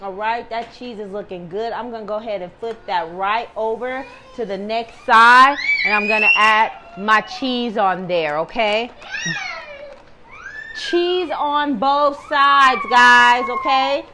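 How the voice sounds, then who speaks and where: A woman's voice: mid-range voice, lively intonation, moderate pace, hardly any pauses, reverberant, distant mic, background noise. A woman hosting a casual home cooking video, chatty and reassuring, calling the viewer baby. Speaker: cooking vlog host. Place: home kitchen.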